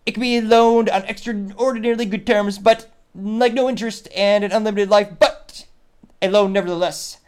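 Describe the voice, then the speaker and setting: A man putting on a loud, exaggerated impression of a blustering male politician, shouting in a mangled accent. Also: high voice, clear, resonant tone, pitched above the performer's own voice, close to an everyday voice.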